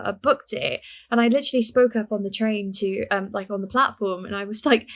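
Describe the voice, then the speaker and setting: A woman's voice: mid-range voice, fairly even intonation, fast, hardly any pauses. A woman guest on a casual podcast who talks reflectively and sometimes searches for her words mid-sentence. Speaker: podcast guest, fitness coach.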